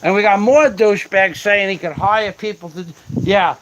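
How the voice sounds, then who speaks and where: A man with a fairly high voice chats through a live stream as he works outdoors. He talks loosely, reads viewers' comments aloud, and swears freely. Loud outdoor noise runs under everything he says. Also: moderate pace. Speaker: livestream host. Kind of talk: casual livestream chat while working. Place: outdoors in a yard, working on metal.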